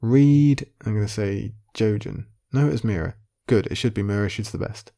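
A video creator plays an online quiz, thinking aloud casually and muttering guesses half to himself before settling on an answer. His mellow voice is on the low side, at normal speed.

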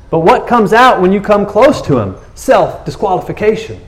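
A male pastor delivering a sermon in a relaxed, conversational tone. His pitch sits a little high for a man and swings widely as he talks, keeping the delivery lively and animated. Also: moderate pace, hardly any pauses. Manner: animated, conversational, acts out characters.

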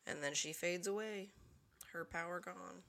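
Podcast co-host, woman, slow bright voice, casual recap with fillers. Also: fairly low pitch, vocal fry. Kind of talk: casual book-club chat.

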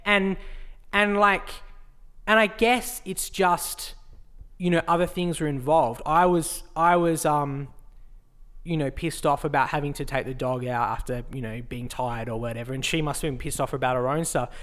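Guy with a high-ish voice telling a park argument story, acts out both people, lively chat. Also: normal speed. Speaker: podcast co-host. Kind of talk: casual chat.

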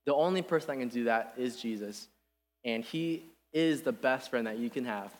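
A young man giving an earnest, casual sermon, animated and full of restarts. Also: mid-range voice, normal speed. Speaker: preacher. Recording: long reverb in a hall.

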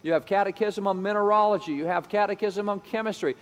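A man's voice: high voice, fast. Emphatic man lecturing in a reverberant hall. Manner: emphatic, repetitive, acts out quoted voices. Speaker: speaker on education history. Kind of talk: lecture-style talk.

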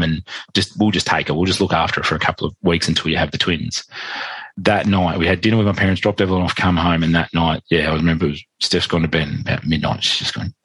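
An Australian man, a podcast guest, telling a personal story in a quick, animated way and acting out what others said. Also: low voice, slightly rough, no echo, low-quality recording. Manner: animated, quick, acts out quoted dialogue. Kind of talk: conversational storytelling.

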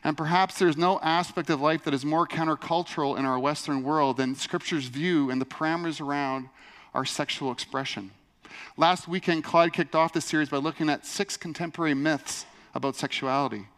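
An earnest male pastor preaching in a chatty, storytelling way. His voice sits a little high for a man. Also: fairly even intonation, a little fast, a bit bright. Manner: earnest, conversational, frequent "and so anyways". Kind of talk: sermon with personal storytelling.

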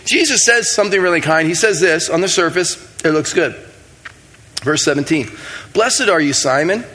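A man's voice: on the high side, animated, normal speed, sharp tone. A man preaching a sermon in a casual, joking manner with playful asides. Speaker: pastor.

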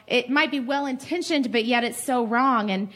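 A woman in her forties, a pastor, preaching to a women's gathering in an animated, laughing storytelling manner. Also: fairly high pitch, normal speed.

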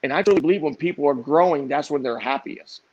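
A man's voice: on the high side, fast, a little mellow, dry recording. A middle-aged man, a motivational speaker and author, telling stories in an emphatic, repetitive, preachy way. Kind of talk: motivational storytelling interview. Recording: dull muffled dry audio.

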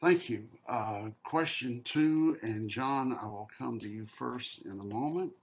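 A man leading a Bible study discussion, speaking in a slow, measured, reflective way and posing questions to the group. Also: mid-range voice. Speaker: discussion leader.

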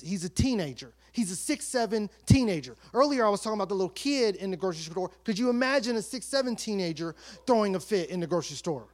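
Middle-aged man, pastor preaching in a lively storytelling style, drops to near-whispers and rises to loud bursts. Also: high voice. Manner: animated, swings from hushed asides to loud emotional outbursts. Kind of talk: storytelling sermon.

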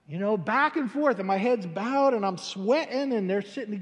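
An older man, a pastor, telling his story in a sermon in an animated, colloquial way with stammering restarts. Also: high-pitched, fairly quick, hardly any pauses, dull audio. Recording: long hall reverb.

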